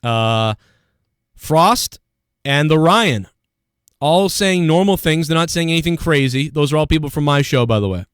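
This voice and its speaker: A man's voice: a little high, animated, a little slow, clean tone, no room sound, studio quality. A man hosting a livestream, ranting in an aggrieved tone and reading out chat comments. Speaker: livestream host.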